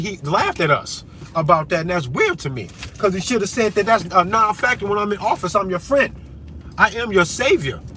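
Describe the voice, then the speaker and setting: Vlogger: man with a slightly high voice, combative and profane, faint vehicle hum behind. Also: fairly bright tone. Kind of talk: profane ranting monologue.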